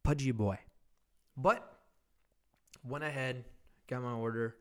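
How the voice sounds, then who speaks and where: A young man from Wisconsin hosts a solo comedy podcast, speaking slowly at medium pitch. He rambles, mocks himself, and swears constantly.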